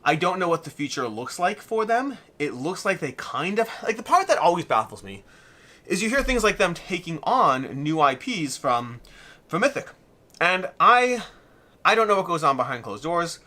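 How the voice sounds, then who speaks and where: A man's voice: high voice, very animated, normal speed, bright, forceful tone. A man hosting a weekly live Q&A stream, reading viewer comments and thinking aloud in a rambling way, a little out of breath.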